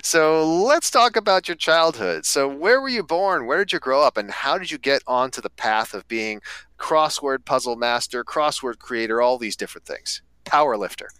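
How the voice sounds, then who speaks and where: A male podcast host with an upbeat, eager manner. His bright, forceful voice swings widely in pitch. The sound is close and dry, with no room around it. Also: animated, moderate pace, smooth, dry recording, low-quality recording. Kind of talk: podcast interview.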